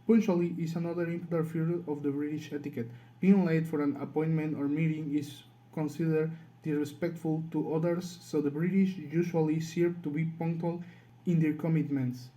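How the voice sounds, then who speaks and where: A man's voice: on the high side, level tone, normal speed, mellow, rough recording. A man with a Latin American Spanish accent reading a class presentation from a script. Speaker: student presenter.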